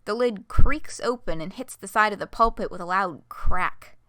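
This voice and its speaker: A woman's voice: mid-range voice, moderate pace, sharp tone, no echo, clean studio sound. A young woman live-streaming a read-aloud of a fan story, swearing, laughing and gushing between passages.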